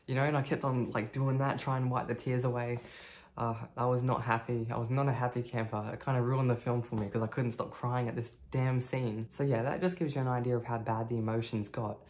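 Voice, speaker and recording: A woman in her thirties telling her own story on a video diary. She talks candidly and casually, swears freely and fills pauses with lots of ums. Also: extremely low pitch, steady tone, darkish tone, a little hiss or hum. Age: 30s. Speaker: vlogger.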